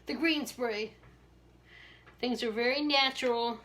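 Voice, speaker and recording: Rambly maryland woman doing her hair on cam, laughs a lot, bright tone. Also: a little high, takes it slowly. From Maryland, USA. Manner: chatty, rambling, laughs often. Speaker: beauty vlogger. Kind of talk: casual chat while styling hair.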